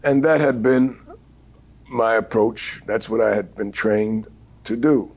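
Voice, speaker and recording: An older man, a veteran actor, telling stories in an interview in an unhurried, animated way with many fillers and a husky voice. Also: fairly low pitch. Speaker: guest actor. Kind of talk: storytelling interview.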